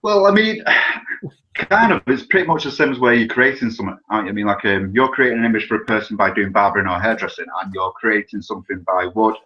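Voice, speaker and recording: A man's voice: lowish voice, animated, quick pace, pushed and bright, highs cut off. A British man, a guest on a podcast, talking informally and rambling about his barbering work. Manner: rambling, informal, filler-heavy. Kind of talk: casual podcast interview.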